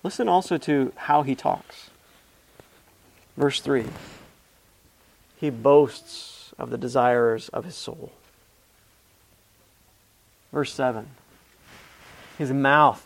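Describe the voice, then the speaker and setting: A man preaching a sermon, reading scripture aloud with earnest emphasis and often restarting his phrases. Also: on the high side. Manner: repeats words and restarts mid-phrase.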